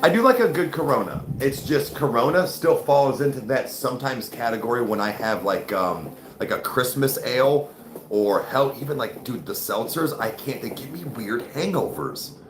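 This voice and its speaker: A man's voice: medium pitch, animated, moderate pace, echoey room, over music. A man hosting a livestream, chatting casually with viewers in a loose, profane way full of "like", "dude" and "bro". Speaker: livestream host. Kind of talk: casual chat reading viewer comments.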